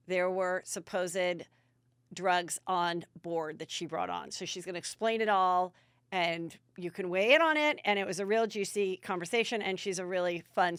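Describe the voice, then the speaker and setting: Brief: woman, middle-aged, gossip podcast host, smooth clear voice, dry close sound, chatty and animated. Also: medium pitch, no echo.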